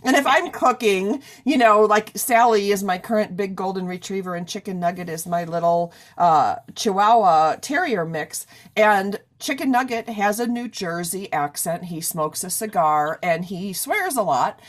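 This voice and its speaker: A woman's voice: mid-range voice, normal speed, few pauses. A middle-aged woman hosting an interview in a chatty, rambling way, full of "you know". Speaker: radio interview host. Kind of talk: casual chat.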